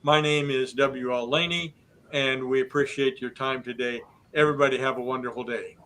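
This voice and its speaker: A man hosting a business podcast, explaining the steps of a business purchase in a steady, methodical way. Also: medium pitch, normal speed, a little hiss or hum, rough recording. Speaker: host.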